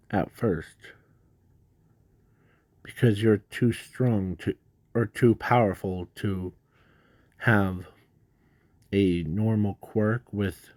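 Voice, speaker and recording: A man slowly narrating an improvised fan story, halting often with restarts and fillers. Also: fairly low pitch, warm tone, no echo.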